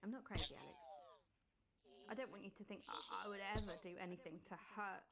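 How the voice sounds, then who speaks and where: An actress voicing a posh female TV newsreader who is obsessive and unhinged, speaking in a creepy confessional way that drifts between hushed tones and pleading outbursts, heard as video game audio. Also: mid-range voice, a little fast, creaky, a crowd in the background, natural voice. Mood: unsettling.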